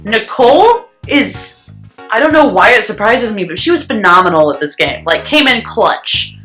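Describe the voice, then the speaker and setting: A young woman chatting casually to her viewers in a vlog, bouncing between stories and quick bursts of song. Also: on the high side, big pitch swings, a bit bright, faint music behind. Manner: chatty, breaks into snatches of song. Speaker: vlogger. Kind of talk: casual chat to camera.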